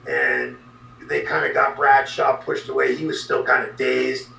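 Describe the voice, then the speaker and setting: A man's voice: medium pitch, very animated, measured pace, vocal fry, pushed and bright, echoey room, far from the mic, a little hiss or hum, low-quality recording. A man guest animatedly telling an anecdote in a podcast interview, adding sound effects.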